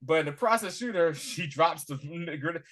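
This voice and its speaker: A man's voice: a little high, animated, a little fast, a bit bright. A man co-hosting a casual recap chat, retelling scenes with acted-out lines and laughter. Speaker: podcast co-host.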